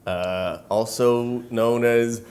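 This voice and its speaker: A man's voice: medium pitch, fairly even intonation, a little mellow. A man who is a player in a tabletop game, introducing his character in casual, giggly chat. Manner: giggly, unhurried.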